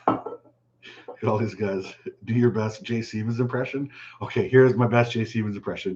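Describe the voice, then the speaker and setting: A relaxed man with a lowish voice hosts a casual live stream, reading out viewer questions and answering them offhand. The sound is a little dull and lo-fi. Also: moderate pace, pauses often. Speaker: fishing channel host answering live chat.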